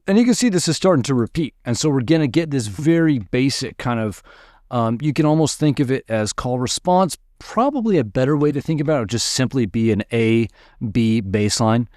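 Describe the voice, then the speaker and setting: A man teaching music production in a relaxed, upbeat way, walking through a dance track and sometimes mimicking its sounds with his voice. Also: medium pitch, moderate pace, no room sound, clean studio sound. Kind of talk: screen-recorded music production tutorial. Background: dance track playing faintly.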